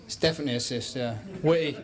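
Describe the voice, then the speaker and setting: A man's voice: medium pitch, quick pace. Plain-spoken man, guest footballer. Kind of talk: casual on-stage interview.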